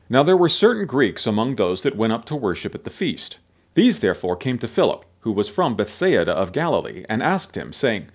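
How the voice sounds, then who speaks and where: Male scripture reader, measured pace, lively pitch movement, mid voice.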